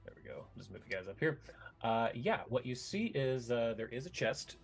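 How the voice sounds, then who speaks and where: A man's voice: mid-range voice, very animated, moderate pace, gravelly, breathy edge, faint music behind. A man running a tabletop game online as game master, talking casually and correcting himself as he goes. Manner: casual, self-correcting, swears when flustered.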